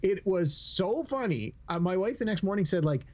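A man's voice: sits high, moderate pace. A middle-aged man hosting a casual podcast chat, telling stories with acted-out quotes and laughing as he talks. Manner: animated storyteller, acts out quotes, laughs while talking. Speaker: podcast host.

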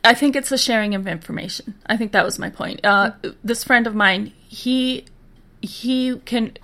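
A woman's voice: on the high side, normal speed, pushed and bright. A woman with a Minnesotan accent, co-hosting a podcast in casual chat and laughing easily. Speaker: podcast co-host.

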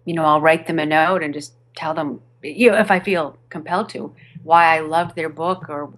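A woman who narrates audiobooks, chatting animatedly in an interview, with fillers and quick restarts. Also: deep voice, steady tone, fairly bright tone. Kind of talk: podcast interview chat. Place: home studio over a video call.

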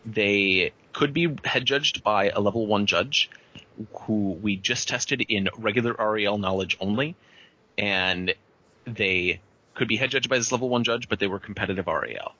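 A man's voice: on the low side, moderate pace, pushed and bright, lo-fi sound. A man appearing as a guest on a podcast, explaining rules with a dry, sarcastic edge. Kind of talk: casual panel chat.

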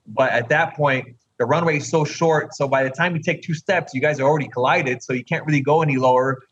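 Man, husky, a touch high-pitched, frank and emphatic, muffled lo-fi audio. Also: a bit bright, slight background noise. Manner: emphatic, frank, keeps asking "right?". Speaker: eliminated reality competition contestant. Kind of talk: remote interview, storytelling.

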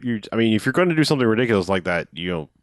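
A man co-hosting a casual movie-review podcast, adding wry deadpan jokes and steering the talk to scenes he wants to cover. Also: lowish voice, racing, no echo, clean studio sound. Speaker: podcast co-host.

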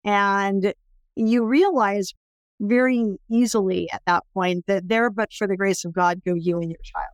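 A woman's voice: mid-range voice, steady tone, a little slow, no echo. A middle-aged woman from California, a guest in an interview, telling a personal story in an emphatic, intense way. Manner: emphatic, intense, building to impassioned pleas. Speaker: interview guest, anti-trafficking worker.

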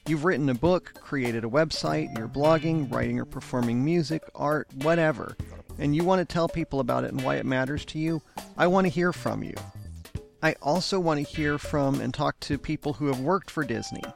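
A man's voice: fairly high pitch, brisk, vocal fry, soft background music. A man hosting a podcast, reading an upbeat scripted outro with plugs and contact details. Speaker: podcast host.

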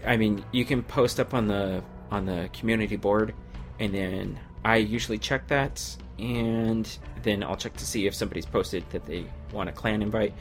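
A man's voice: on the low side, moderate pace. A man in casual chat on a gaming podcast, rambling along and laughing easily. His voice is starting to give out, and faint music sits underneath. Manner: rambling, chatty, laughs often. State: losing his voice. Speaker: podcast co-host.

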